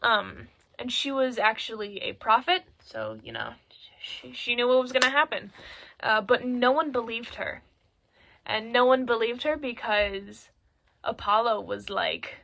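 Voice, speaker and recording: A woman's voice: a little high, measured pace, creaky, pushed and bright. A teenage girl presenting a school project on a phone recording, retelling a story in a chatty, irreverent way full of filler words. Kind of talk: casual spoken recap in slangy storytelling.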